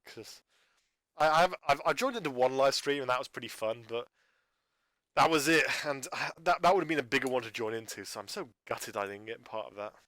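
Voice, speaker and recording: A man with a bright, forceful voice rambles off the cuff. He often trips over his words and restarts sentences, and he rants in exasperation. The sound is close and dry. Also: mid-range voice, no room sound. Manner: stumbling, restarting, exasperated ranting. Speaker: YouTuber reviewing a channel. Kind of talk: unscripted rambling monologue.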